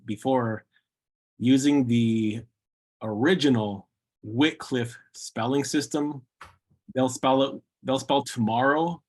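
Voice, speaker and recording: A man teaching an online language class over a video call, patiently repeating words slowly for practice. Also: mid-range voice, darkish tone.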